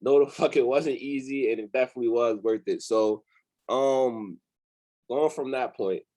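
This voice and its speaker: Animated young man telling a story. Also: mid-range voice, moderate pace, poor audio. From New Jersey. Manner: animated, swears freely, acts out quotes. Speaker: interview guest, company founder. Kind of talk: casual storytelling.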